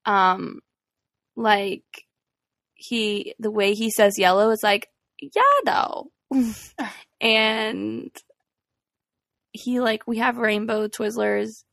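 A woman's voice: medium pitch, level tone, extremely slow, vocal fry, long pauses, a bit bright, no room sound, studio quality. A young woman co-hosting a podcast, chatting casually with lots of laughs and fillers. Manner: giggly, chatty, many fillers. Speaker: podcast co-host. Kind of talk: casual chat.

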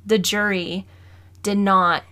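A woman's voice: medium pitch, little pitch movement, slow, pushed and bright. A woman co-hosting a casual true-crime podcast, explaining her views on the case earnestly and with emphasis. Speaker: podcast co-host.

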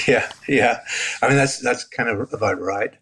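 An older man with a Northern Irish accent tells his story as an interview guest. His voice sits at a middling pitch, and he talks earnestly and reflectively, often circling back and restarting his sentences. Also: unhurried, bright, forceful tone, husky. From Northern Ireland. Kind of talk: personal testimony in conversation.

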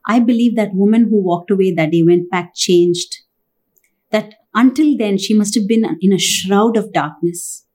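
Earnest woman preaching with a mellow voice. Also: medium pitch, normal speed. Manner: earnest, asks the listeners direct questions. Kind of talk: sermon.

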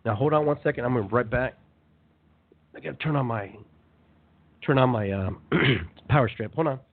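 A man hosts a spiritual self-help radio show, talking animatedly and looping back on his own phrases for emphasis. His voice sits at an ordinary middle pitch. It comes through a thin, tinny phone line. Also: moderate pace. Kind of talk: motivational spiritual monologue.

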